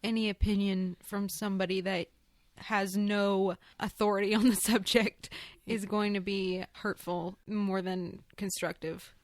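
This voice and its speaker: A woman appearing as a guest artist on a podcast, chatting casually in a reflective, relaxed way on a studio mic. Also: mid-range voice, a little slow, no echo.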